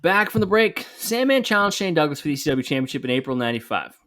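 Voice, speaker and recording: A man hosting a podcast in casual chat, relaxed, leading the rundown with dry jokes. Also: on the high side, fast talker, no echo. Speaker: podcast host.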